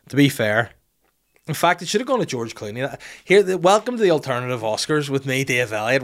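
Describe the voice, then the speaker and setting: Man, comedy host, ranting monologue, sweary, irreverent, mid pitch. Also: a bit bright. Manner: irreverent, sweary, laughs at his own jokes.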